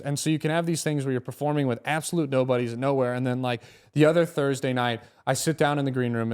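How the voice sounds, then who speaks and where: A young man, a stand-up comedian, telling casual, animated stories and swearing freely. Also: mid-range voice, clean tone. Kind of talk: casual storytelling.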